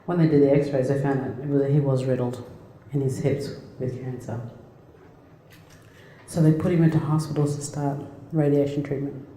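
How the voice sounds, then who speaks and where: A middle-aged woman from Australia giving a personal talk, telling a family story in a plain, halting, reflective way. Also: very deep voice, fairly even intonation, dark tone, a little hiss or hum. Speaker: speaker. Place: lecture hall. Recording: echoey hall.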